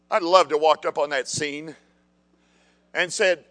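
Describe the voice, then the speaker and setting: A man's voice: fairly high pitch, fairly even intonation, unhurried, long pauses, a bit bright, big-room sound. A man preaching a sermon in an emphatic, fiery way, piling up repeated words for force.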